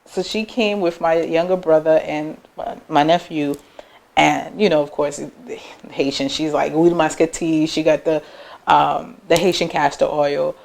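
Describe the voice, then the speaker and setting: A woman's voice: low-pitched, unhurried, creaky. A woman business owner telling personal stories in an interview, loose and chatty, acting out her family's words as she goes. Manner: animated, acts out family members' words in quoted voices; loose conversational phrasing with frequent "like" and "um".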